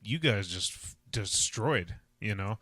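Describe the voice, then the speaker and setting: A man hosting a podcast in casual chat, relaxed and joking, often trailing off mid-thought. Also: on the low side, slow, no echo. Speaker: podcast host.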